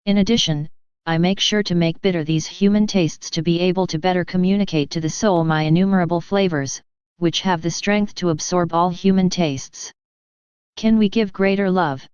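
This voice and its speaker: A woman reads devotional text in a measured, even recitation. Her voice sits a little low and is very smooth and resonant. The recording is dry and slightly dull, with a lo-fi edge. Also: no echo. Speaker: reader. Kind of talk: devotional reading.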